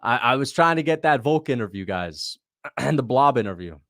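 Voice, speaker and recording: A young man reacting to fights on a livestream speaks in an animated, slightly bright, medium-pitched voice. Easygoing and talkative, he laughs often, thanks viewers and reads donations, recorded at studio quality with no room sound.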